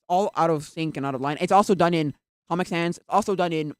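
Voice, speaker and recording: A live streamer chatting casually while browsing at the computer, rambling and filling every pause with "like". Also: medium pitch, smooth, no room sound, studio quality. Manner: rambling, heavy use of "like".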